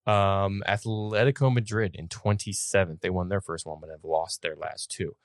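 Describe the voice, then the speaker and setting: A man co-hosting a casual podcast, relaxed, reading out bits from articles and notes. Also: low voice, moderate pace, no echo, studio quality. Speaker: podcast co-host. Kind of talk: casual chat.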